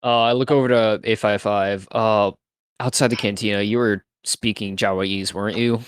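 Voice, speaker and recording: A man's voice: lowish voice, fairly even intonation, normal speed, a little hiss or hum. A man playing a tabletop game, speaking in character and describing his moves. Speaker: player.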